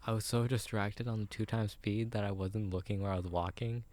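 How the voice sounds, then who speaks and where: A man's voice: on the low side, steady tone, a little fast, a little mellow. Rambling young man in whispered role-play. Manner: rambling, laughing, mocking. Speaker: podcast co-host.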